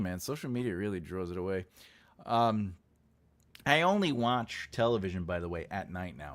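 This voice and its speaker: Hosting a casual livestream chat, a man from New York, an author with a New York accent, rambles through self-deprecating asides. His voice sits low.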